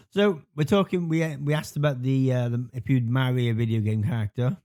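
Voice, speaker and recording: A man's voice: mid-range voice, moderate pace, mellow. A man hosting a podcast, chatting casually and laughing often. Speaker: podcast host. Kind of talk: casual chat.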